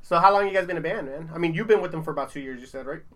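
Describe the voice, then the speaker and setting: A man in his thirties hosting a podcast in casual chat, joking and swearing through quick banter. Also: on the high side, a bit bright. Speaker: podcast host.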